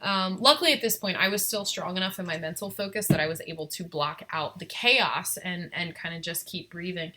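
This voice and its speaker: Young woman, live-stream vlogger; bright tone, candid, reflective storytelling with frequent fillers. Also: on the low side, moderate pace, few pauses. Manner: candid, reflective, many ums and restarts.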